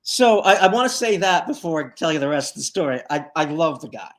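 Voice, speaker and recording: A man's voice: on the high side, animated, fairly quick, fairly bright tone. A man who leads a tribute band, guest on a live show, telling a long story in a loose, rambling way with lots of fillers and acted-out quotes. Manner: rambling, full of fillers, acts out quoted lines. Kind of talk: casual storytelling in a live interview.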